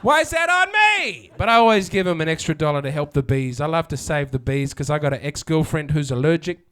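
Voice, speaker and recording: Stand-up comic, man in his 30s, high-pitched, sardonic. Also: fast, clean tone. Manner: sardonic, crowd-work, acts out quotes. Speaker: stand-up comedian. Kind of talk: stand-up comedy set. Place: comedy venue with live audience.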